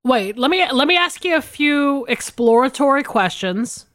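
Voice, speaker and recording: A woman co-host talks in an unhurried, casual way. Her slightly high voice moves up and down a lot. The sound is dry and close. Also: no room sound. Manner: reactive, lively listener. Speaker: podcast co-host. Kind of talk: casual chat.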